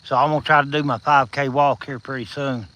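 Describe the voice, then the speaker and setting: Steady and fairly quick, the medium-pitched voice has a fairly bright tone on poor audio. The speaker is a Southern-accented livestream host walking outside at night with insects behind, chatting folksily and encouragingly with viewers by name, a little out of breath and slurring slightly without his top teeth.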